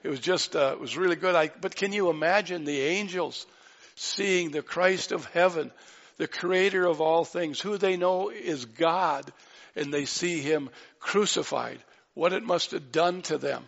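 A man's voice: fairly high pitch, unhurried, vocal fry, fairly bright tone. A man preaching a sermon, fervent, rising to exclaim lines of scripture. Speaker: pastor. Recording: dull sound in a reverberant hall.

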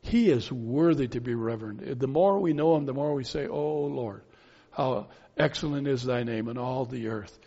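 A man's voice: mid-range voice, normal speed, warm tone, breathy edge. Earnest preacher man in echoing hall. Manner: earnest, repeats key phrases for emphasis. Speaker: pastor. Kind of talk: sermon. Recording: dull sound with long hall reverb.

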